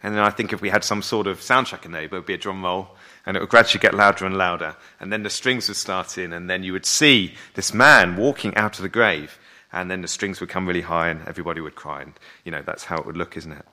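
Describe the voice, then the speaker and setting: A man's voice: sits low, fast talker, sharp tone. A man preaching a sermon in a conversational way, often asking his listeners rhetorical questions.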